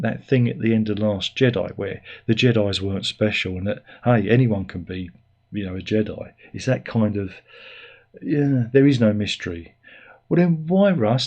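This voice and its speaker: A man's voice: on the low side, gravelly, a little mellow, breathy edge. A middle-aged man giving a sarcastic, exasperated and rambling spoken review.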